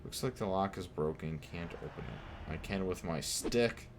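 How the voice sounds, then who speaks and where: A man's voice: sits low, lively intonation, moderate pace, background noise. A man streaming a horror game, giving joking casual commentary, talking to the characters and swearing when things go wrong. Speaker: gameplay streamer. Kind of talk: casual let's-play commentary.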